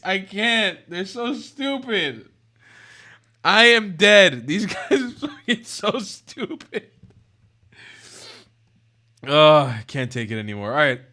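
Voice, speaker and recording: A livestream host with a high, bright, forceful voice chats and debates with callers, talking fast, brash, and blunt with plenty of swearing. He often breaks into mock crying and laughter.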